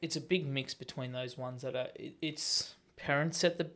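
Man, thirties, podcast co-host, jokey, animated storyteller, average pitch. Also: normal speed. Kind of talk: casual chat.

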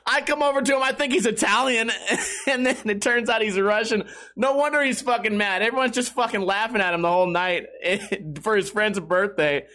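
Laughing, rambling high-voiced young man. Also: normal speed, bright, forceful tone. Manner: laughs often, swears, rambling. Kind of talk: casual storytelling.

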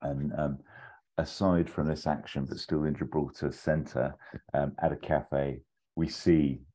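A man's voice: extremely low pitch, flat delivery, measured pace, warm tone. A man, a podcast co-host, telling a long made-up film plot in casual chat. He rambles, acts out quoted lines and laughs as he goes.

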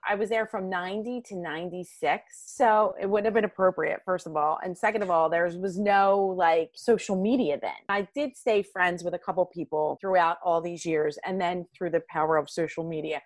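A middle-aged woman, a former probation officer, answers interview questions with stories from her old job, speaking in a lowish voice at normal speed with few pauses and no echo. She's an animated storyteller who acts out quoted dialogue and says "like" a lot.

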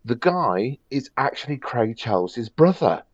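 Pria podcast yang bersemangat, suara agak redup. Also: male voice, medium pitch, unhurried, no echo, muffled recording. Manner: animated, acts out his reactions. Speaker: podcast co-host. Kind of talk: casual chat.

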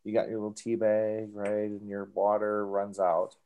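A man's voice: lowish voice, level tone, normal speed, clear, resonant tone, phone-quality sound. A man hosting a casual podcast and running a playful quiz game, teasing his guests. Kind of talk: casual chat.

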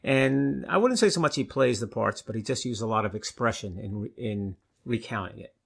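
A man with a gravelly, creaky voice co-hosts a relaxed talk show. He speaks with plain enthusiasm and sits in a middle pitch for a man. When he reads aloud he slows to a careful, deliberate pace. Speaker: podcast co-host. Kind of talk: casual chat and reading aloud.

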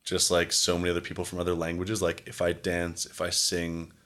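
Young male co-host with a very deep voice; loose, rambling delivery, full of "like" and casual swearing. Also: monotone, brisk, a bit bright. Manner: rambling, heavy "like" fillers, swears freely. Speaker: podcast co-host. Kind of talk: casual chat.

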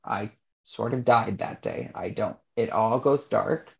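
A man, an author and interview guest, speaking candidly and reflectively, often pausing and restarting his sentences. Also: on the low side, vocal fry. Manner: reflective and halting, with frequent restarts.

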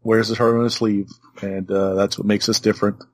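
A man co-hosting a podcast, chatting about a tabletop wargame with wry, deadpan humor. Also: on the low side, brisk, no echo. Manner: wry, joking, deadpan teasing. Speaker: podcast co-host.

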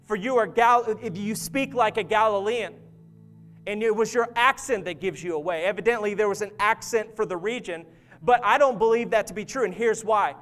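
A male pastor preaching a sermon in an earnest manner, dropping to quiet intensity and rising to urgent emphasis. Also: high voice. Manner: rises loud and urgent at climaxes.

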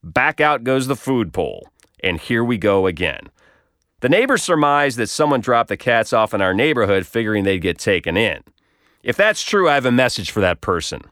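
A man's voice: medium pitch, sing-song, moderate pace, a bit bright, dry recording. A man reading his own comic story aloud with wry, dry humor. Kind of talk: scripted narration.

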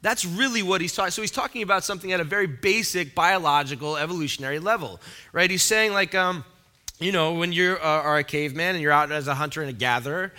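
A man's voice: a little high, fast, bright, forceful tone. A man preaching a sermon in a casual, storytelling way, laughing easily as he talks. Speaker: pastor. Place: church in a big city.

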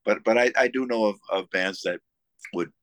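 A low-voiced, bright-toned musician from the Buffalo area, United States, eagerly tells stories as a guest in a casual interview, halting with many fillers and restarts. The recording is dry.

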